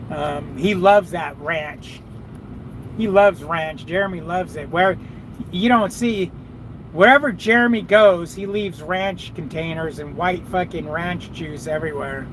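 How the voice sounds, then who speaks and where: Man, trucker, high-pitched voice, casual profane chatter, in his truck cab, faint road noise behind. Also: a little slow, a bit bright, poor audio. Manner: profane, rambling, talks to viewers and his dog. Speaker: trucker streaming live. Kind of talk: casual live chat.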